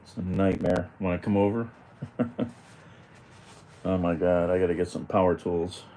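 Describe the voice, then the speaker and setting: Very deep-voiced man rambling at home. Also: steady tone, moderate pace, warm tone, a little hiss or hum. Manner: rambling, talks to himself and his cats, mild cursing. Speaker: vlogger. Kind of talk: casual home vlog. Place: home, indoors.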